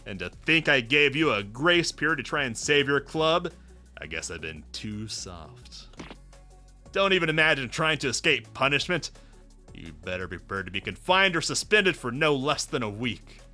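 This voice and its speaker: A man's voice: medium pitch, big pitch swings, moderate pace, bright, forceful tone, faint music behind. A man voicing a strict female student council treasurer in a game, speaking in a scolding tone.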